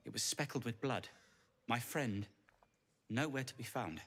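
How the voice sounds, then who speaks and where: A man voicing an earnest, formal deep gnome man in a video game, speaking with quirky solemnity. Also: unhurried, a bit bright, husky. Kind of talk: video game character dialogue.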